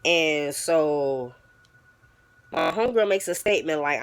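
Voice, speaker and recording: Animated, blunt woman telling a story. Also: low-pitched, measured pace, pauses often. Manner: animated, blunt, swears freely. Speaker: vlogger. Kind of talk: casual storytelling.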